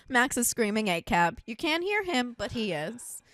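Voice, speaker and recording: Young woman host, animated profane storyteller, dry close sound, comedic podcast chat. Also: a little high, a little slow, no room sound.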